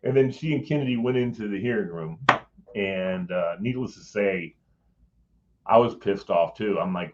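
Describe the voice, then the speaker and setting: Recorded in dull lo-fi quality, a former Capitol Hill staffer recounts something that happened to him, his voice on the low side at normal speed. He rambles loosely, curses some, and voices what others said.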